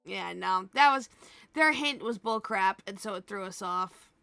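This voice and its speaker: A woman's voice: medium pitch, lively intonation, measured pace, gravelly, sharp tone, no room sound, soft background music. An American woman streamer, tired and laughing often, chatting casually with her viewers and greeting them by name. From United States. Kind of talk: casual live-stream chat.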